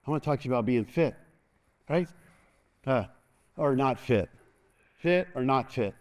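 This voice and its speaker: A man preaching an energetic sermon as pastor in a church, calling for responses and laughing often. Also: medium pitch, moderate pace.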